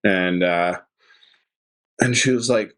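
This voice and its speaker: A man hosting a casual podcast chat, who talks in a relaxed, rambling way with fillers like "you know" and "uh". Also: sits low, takes it slowly. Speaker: podcast host.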